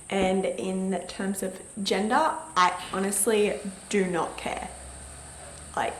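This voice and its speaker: A woman's voice: mid-range voice, reverberant, a little hiss or hum, poor audio. A young woman, chatting casually to camera and telling a story with many "likes" and acted-out quotes. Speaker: vlogger.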